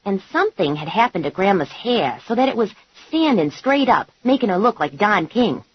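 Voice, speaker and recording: A woman reading a comic novel in the first person, with a wry, animated delivery. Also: medium pitch, normal speed, slightly rough, no room sound. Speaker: audiobook narrator. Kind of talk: scripted audiobook narration. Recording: dull, dry lo-fi recording.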